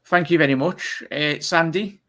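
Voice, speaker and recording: A man hosting a fan live stream, talking fast and giving chatty shout-outs. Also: on the high side. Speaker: fan channel host. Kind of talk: live stream sign-off chat.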